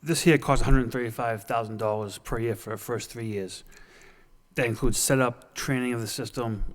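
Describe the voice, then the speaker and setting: A man's voice: medium pitch, steady tone, normal speed. A male councilor laying out costs and plans in a plain, businesslike manner, with frequent ums. His voice carries a long reverb from the council hall. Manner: businesslike, filler-heavy, plain talk. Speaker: public safety subcommittee chairman. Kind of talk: council presentation. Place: council chamber.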